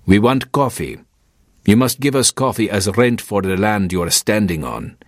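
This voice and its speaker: A man's voice: on the low side, lively intonation, normal speed, no echo, clean studio sound. A man reading the part of a grim armed desert tribesman who demands rent, in a harsh and insistent voice. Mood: demanding.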